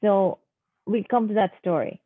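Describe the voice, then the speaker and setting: Brief: woman storyteller, devotional tale, emphatic and unhurried, tinny phone-like sound, dry. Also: mid-range voice, slightly rough, no room sound. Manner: unhurried, halting with fillers, emphatic.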